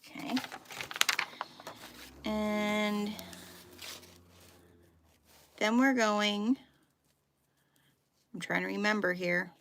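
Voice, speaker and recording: A woman's voice: mid-range voice, fairly even intonation, extremely slow, creaky, long pauses, fairly bright tone. A woman hosting a live sewing tutorial, chatting casually with lots of fillers and thinking aloud as she works. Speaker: sewing teacher hosting a live sew-along.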